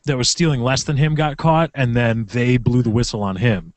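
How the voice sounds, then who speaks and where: A man's voice: mid-range voice, steady tone, normal speed, dry recording. A man with a mid-range voice tells stories on a casual podcast, acting out what others said. The sound is dry and close. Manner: anecdotal, acts out quoted lines.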